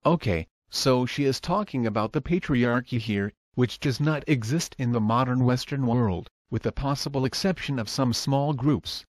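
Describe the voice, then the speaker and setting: A man's voice: medium pitch, normal speed, few pauses, dry recording, studio quality. A man reads scripted commentary for his video and answers the lines he quotes with sarcastic rhetorical questions.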